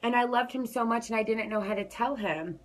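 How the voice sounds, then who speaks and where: A woman's voice: on the high side, a little fast, poor audio. Woman vlogger, candid and rambling, personal story told to camera. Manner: candid, rambling, talks straight to viewers as "guys".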